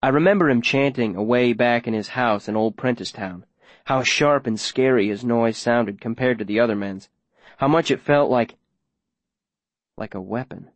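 Male audiobook narrator, first-person storytelling, mid-pitched voice, dry close mic. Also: moderate pace, no echo.

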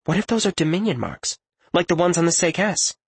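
Voiced by a male audiobook reader, this is a careful, analytical young woman scholar, her voice lifted a little in pitch. The tone stays husky and the recording is dry and close. She thinks out loud in measured, precise sentences. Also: sing-song, dry recording, exaggerated voice. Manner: careful, reasoning aloud. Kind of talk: audiobook character voice.

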